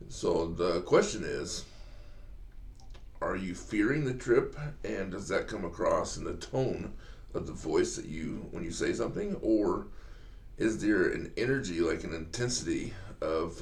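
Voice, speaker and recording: A man's voice: sits low, vocal fry, reverberant. A man hosting an advice talk for fathers, earnest and coaching in tone, often restarting his sentences. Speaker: host giving fathers advice.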